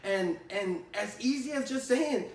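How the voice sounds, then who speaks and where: A man's voice: high voice, animated, unhurried. A man giving a casual spoken lesson on sales calls, talking conversationally, repeating his points and often asking "right?". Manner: conversational, repeats phrases, many "right?" tags. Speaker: sales trainer. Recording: roomy echo, distant from the mic.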